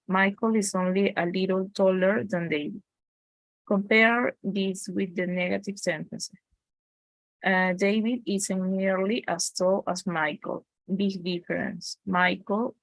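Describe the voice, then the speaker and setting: Slow, creaky woman reading aloud. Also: medium pitch, fairly even intonation, no echo, poor audio. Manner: reads aloud haltingly, restarting words. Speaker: student.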